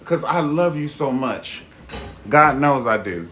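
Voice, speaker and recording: A man hosting a casual live chat stream with viewers. He talks in a sassy, expressive way, calls people honey and baby, swears freely and laughs loudly. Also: medium pitch, slow, a little hiss or hum.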